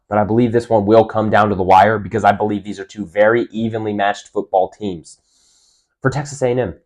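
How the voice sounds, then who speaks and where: A man's voice: on the low side, darkish tone. A man hosting a solo sports preview, talking emphatically and repeating his key points. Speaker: podcast host.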